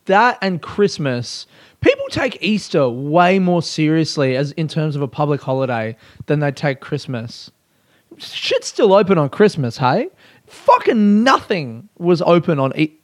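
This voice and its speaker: A man's voice: medium pitch, no echo, clean studio sound. A young Australian man doing a rambling, profane, self-mocking comic monologue in casual chat. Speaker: comedian.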